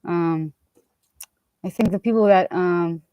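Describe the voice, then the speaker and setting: A young woman whose first language is Hebrew, speaking English with a mixed British, American and Israeli accent. She reads a text aloud haltingly, stumbling and restarting words, and chats casually between passages. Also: fairly low pitch, mellow, clear, resonant tone, dry recording.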